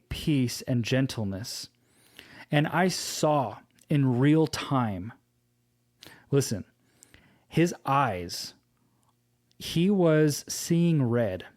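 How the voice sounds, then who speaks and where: A man giving a devotional teaching, telling a personal story slowly and earnestly and quoting scripture. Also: mid-range voice, darkish tone. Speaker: preacher.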